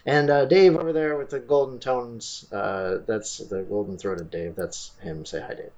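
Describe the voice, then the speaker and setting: A man's voice: fairly low pitch, fairly even intonation, normal speed, a little mellow, dull audio. A man hosting a comedy podcast, rambling and goofy in casual chat. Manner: goofy, rambling, breaks into laughter. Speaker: podcast host.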